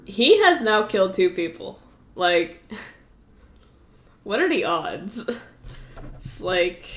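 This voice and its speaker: A woman's voice: mid-range voice, a bit bright. A congested woman streaming, reading out game events with amused, offhand asides and frequent laughter.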